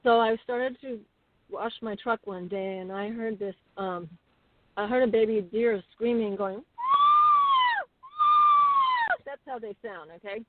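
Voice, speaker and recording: A middle-aged woman telling homestead stories as a guest, chatty and animated with many fillers. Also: mid-range voice, normal speed, a little hiss or hum. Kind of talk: casual interview storytelling. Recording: tinny phone-like call audio.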